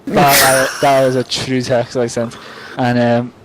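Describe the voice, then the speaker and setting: A man's voice: medium pitch, flat delivery, a little slow, very noisy. A tipsy young man, rambling and swearing as he tells a self-mocking story to the camera.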